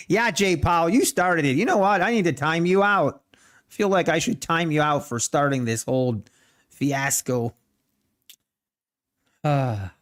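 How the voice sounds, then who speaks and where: A man's voice: on the high side, a little slow, pauses often, fairly bright tone. A man with a Pennsylvania Dutch accent, a native speaker of that dialect, hosting a live day-trading stream and joking casually with his viewers. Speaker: day trading livestream host.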